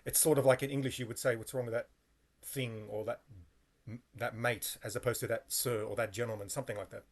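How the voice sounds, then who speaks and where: A man's voice: mid-range voice, steady tone, fairly quick. A man telling a personal story in a casual vlog monologue, meandering and correcting himself as he goes. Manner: meandering, with frequent fillers and self-corrections. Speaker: vlogger.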